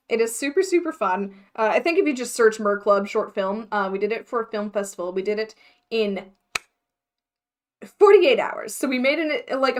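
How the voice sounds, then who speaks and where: This mermaid vlogger, a chatty young woman from the United States, speaks in a slightly high voice. She's scattered and thinking aloud during a casual livestream chat, laughing frequently.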